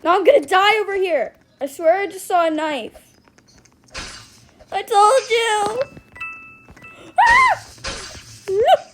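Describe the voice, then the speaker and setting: A woman with a very high voice that swings widely in pitch gives dramatic, exclamatory gameplay commentary. She talks at an unhurried pace, and faint noise sits behind her. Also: animated, over music, rough recording. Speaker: gamer.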